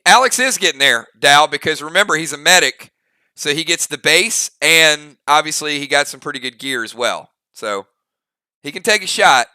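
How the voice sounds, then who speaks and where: A man running a live role-playing game, calling each move and damage total in an upbeat play-by-play. His voice is very bright and crisp, and the recording is dry and close. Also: fairly high pitch, expressive, no room sound. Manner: upbeat, drawn-out play-by-play calls. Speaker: game master. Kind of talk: live game narration and commentary.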